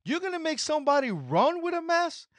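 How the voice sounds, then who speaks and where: A man's voice: extremely high pitch, sing-song, a little fast, a bit bright, dry recording. A man whose first language is not English, hosting an opinion commentary vlog in an emphatic, mocking way that repeats its points. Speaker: channel host.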